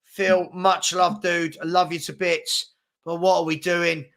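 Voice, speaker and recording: A man hosting a live stream, chatting casually and reading viewer comments with an excitable, filler-heavy manner. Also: high-pitched, a little slow, creaky. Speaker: livestream host reading chat.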